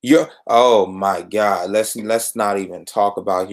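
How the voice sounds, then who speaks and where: A man's voice: lowish voice, fairly even intonation, a little slow. A young man hosting a solo podcast, reviewing comic books in an exasperated, sarcastic rant.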